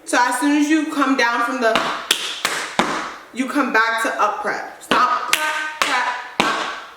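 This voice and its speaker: A woman dance instructor teaching stepping, counting the moves aloud in a brisk, rhythmic way. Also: high-pitched, distant mic, very noisy. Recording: echoey room, voice off-mic, loud stomping and claps.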